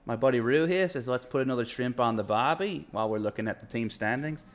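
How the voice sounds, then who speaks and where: A man's voice: medium pitch, quick pace. An upbeat man co-hosting casual commentary on a sim racing stream. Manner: upbeat, laughing, hamming it up. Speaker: race commentator. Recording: slightly lo-fi mic.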